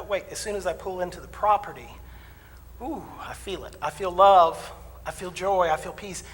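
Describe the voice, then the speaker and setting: A man preaching a sermon as the minister, folksy and humorous, telling personal stories and acting out voices. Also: high voice. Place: church sanctuary. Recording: distant mic in a reverberant hall.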